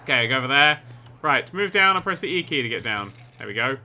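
A man commentating over a video game he is playing, excitable and sarcastic, swearing often. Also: medium pitch, fast, heavy background noise. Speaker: gaming commentator. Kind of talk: let's play commentary.

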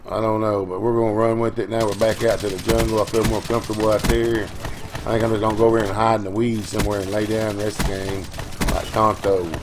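A middle-aged man, tired from no sleep, giving rambling, folksy, profane gameplay commentary with quick outbursts. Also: on the low side, a little hiss or hum. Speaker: gaming channel host.

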